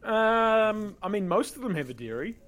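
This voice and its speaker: A man's voice: high voice, moderate pace. Laid-back New man, filler-heavy chat. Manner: relaxed, many "um" fillers, informal. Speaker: podcast host running a game show. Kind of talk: casual chat.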